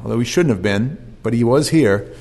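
Guy preaching a sermon, gravelly voice, acts out the characters as he goes. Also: medium pitch, a little fast. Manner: animated storytelling, acts out scenes with voices.

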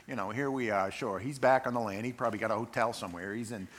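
A man voicing a disciple who complains while rowing a boat at night, muttering his complaints in a quick, everyday voice. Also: on the low side, steady tone, fairly bright tone, close to an everyday voice. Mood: grumbling. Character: grumbling fisherman disciple, adult man.

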